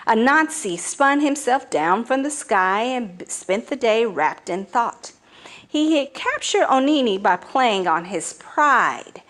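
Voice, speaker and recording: Expressive woman reading a folk tale. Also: on the high side, slow pace. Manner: expressive, dramatic storytelling. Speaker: storyteller.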